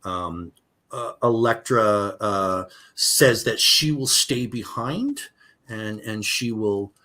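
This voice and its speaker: A man's voice: on the low side, expressive, slow, pushed and bright. Casual male game master narrating. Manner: casual, filler-heavy narration.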